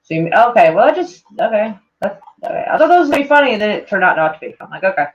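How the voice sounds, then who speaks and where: A woman's voice: medium pitch, sing-song, very fast. A woman vlogger reading tweets aloud and reacting in a rambling, casual way, full of "like" and frequent swearing. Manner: rambling, heavy on "like", swears often. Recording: dull lo-fi sound.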